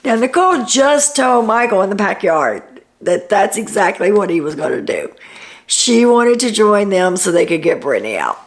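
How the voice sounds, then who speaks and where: A woman's voice: mid-range voice, very animated, normal speed. A woman hosting a casual reality TV recap, retelling what people said in a chatty way with ums.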